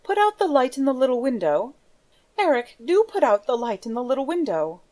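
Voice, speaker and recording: A woman reading an audiobook, voicing a frightened young woman who answers in a high, small, pleading voice. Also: sing-song, a little fast, mellow.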